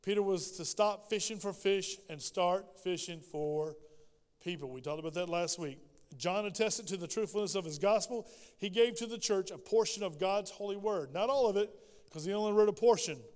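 A high, smooth male voice preaches in a church, switching into little acted voices for the prayers he quotes. His words ring out with a long hall reverb behind them. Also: moderate pace, a little mellow. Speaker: pastor. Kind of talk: sermon. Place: church sanctuary.

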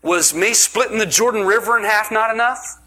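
An incredulous, exasperated male God, as a preacher puts him on, firing off emphatic rising questions in a high, bright and husky voice. The delivery is loud and pushed up well above the man's own pitch. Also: normal speed.

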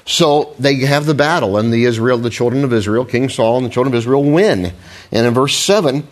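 A man's voice: mid-range voice, brisk. A man preaching a conversational sermon, with frequent restarts, asides and questions to the congregation. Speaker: pastor.

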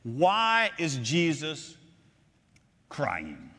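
A man preaching a sermon, swinging between loud declarations and hushed, drawn-out phrases and repeating his lines for effect. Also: fairly high pitch, wildly swooping pitch. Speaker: pastor. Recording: long hall reverb.

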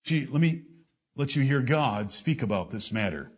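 A man preaching a sermon to a congregation, reading scripture with emphatic, drawn-out delivery. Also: mid-range voice, animated, breathy edge. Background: congregation responses.

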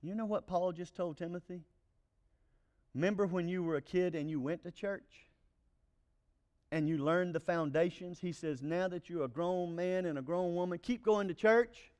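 A male pastor preaching a sermon, animated and playful, with joking asides to the congregation. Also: high-pitched, normal speed, smooth.

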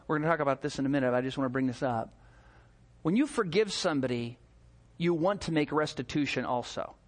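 Brief: male pastor, sermon delivery, high voice with wide swings, storytelling. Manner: animated storytelling, acts out scenes.

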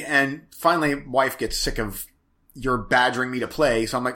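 A man's voice: mid-range voice, fairly even intonation, normal speed, pauses often, bright, forceful tone. A man co-hosting a podcast, rambling through a story in casual chat and laughing often. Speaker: podcast co-host.

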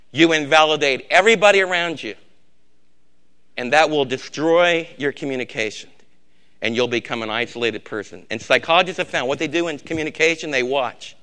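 Impassioned older male pastor preaching. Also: clear, resonant tone. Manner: swings from loud exhortation to low, quiet emphasis; repeats words for emphasis. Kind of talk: sermon.

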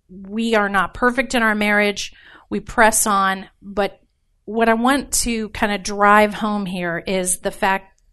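Speaking directly to her audience and inviting responses, a woman delivers a casual, humorous sermon about marriage for a women's ministry. Her mid-range voice is a bit bright, clear and resonant.

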